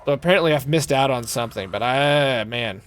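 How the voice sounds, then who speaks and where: A man's voice: medium pitch, fairly quick, fairly bright tone, slight background noise. A man streaming a game live, chatting loosely with viewers, joking and swearing freely, thanking them by name. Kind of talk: casual live-stream chat.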